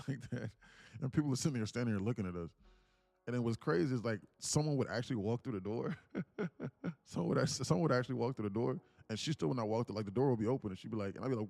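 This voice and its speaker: A man's voice: fairly low pitch, quick pace, vocal fry, a little mellow, dry recording. A man hosting a live trading stream, chatting loosely with lots of fillers and chuckles. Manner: rambling, laughs through stories, many fillers. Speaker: livestream host, day trader. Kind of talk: casual live-stream chat.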